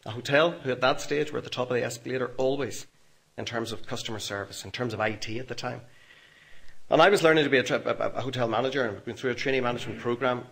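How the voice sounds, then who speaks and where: A man's voice: medium pitch, fast, gravelly, fairly bright tone. A man, giving a conference talk with a storytelling, self-deprecating humour. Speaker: conference speaker. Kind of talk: anecdotal business talk to an audience. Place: hotel function room.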